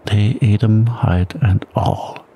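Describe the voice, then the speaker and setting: A stubborn frontier sled driver grumbles in a dry backwoods drawl, put on by a storyteller. The voice is very deep and slow, with a gravelly edge. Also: male voice, fairly even intonation, mellow, a little hiss or hum. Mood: grumbling. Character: grim stubborn male frontier dog-sledder.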